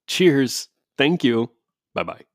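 A man's voice: medium pitch, sing-song, takes it slowly, dry recording, studio quality. Sarcastic, blunt man hosting a podcast. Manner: sarcastic and blunt, swears freely, restarts often. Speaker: podcast host. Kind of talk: casual rant to listeners.

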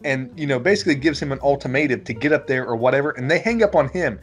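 A man's voice: medium pitch, expressive, rapid-fire, hardly any pauses, faint music behind. A man co-hosting a casual podcast, animatedly retelling a film scene by scene and swearing freely. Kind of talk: casual film recap chat.

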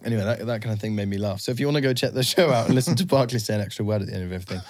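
A man's voice: on the low side, lively intonation, rapid-fire. A man from England co-hosting a casual podcast chat, often laughing and slipping into silly voices when quoting people. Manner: chatty, laughing, puts on silly voices for quotes. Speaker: podcast co-host.

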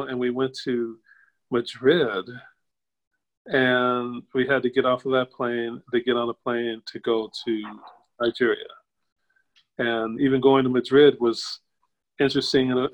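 Older man telling a lively story. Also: unhurried, rough recording. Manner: animated, acts out quoted voices with jumps in pitch; chuckles while telling. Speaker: interview guest. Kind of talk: casual storytelling.

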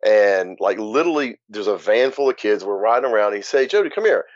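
A man's voice: fairly low pitch, brisk, no room sound. A man, speaking as an interview guest and telling his story bluntly and frankly. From Louisiana. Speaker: guest, author. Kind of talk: candid interview. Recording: dull lo-fi dry recording.

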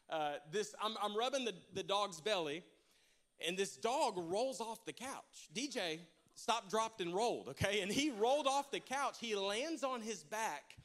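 A man with a high, light voice preaches in a church, spinning a funny personal story with lots of back-and-forth with the congregation. His delivery is animated and playful, then settles into earnest exhortation. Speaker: pastor.

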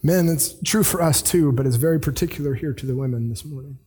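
A man preaching a sermon in a casual, conversational way, with animated paraphrases of the text he reads. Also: fairly high pitch, quick pace, breathy edge, long reverb tail. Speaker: pastor.

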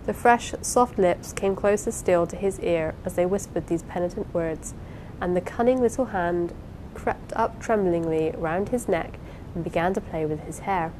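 A woman narrating a classic novel as an audiobook, in a steady, even storytelling manner. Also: on the low side, moderate pace, slight background noise, low-quality recording. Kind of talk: scripted narration.

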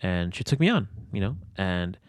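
A man's voice: deep voice, big pitch swings, normal speed, dry recording. A young man telling a personal story in an interview. He rambles, leans on fillers and swears freely. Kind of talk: candid conversational storytelling.

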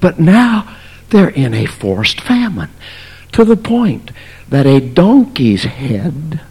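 Man, pastor, fiery sermon, wildly varied pitch, drawn-out delivery. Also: wildly swooping pitch, breathy edge. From United States. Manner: dramatic, swings from shouts to near whispers.

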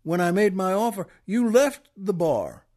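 A man playing a big, loud, brash Texan cowboy who booms out slow, boastful lines. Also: sing-song. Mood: curious. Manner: booming, drawn-out boasting.

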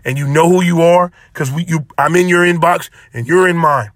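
Guy doing his own podcast, high bright voice, preachy and fired up, dry sound. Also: moderate pace, no echo. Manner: impassioned, preachy, repeats phrases for emphasis. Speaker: podcast host. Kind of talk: solo motivational podcast talk.

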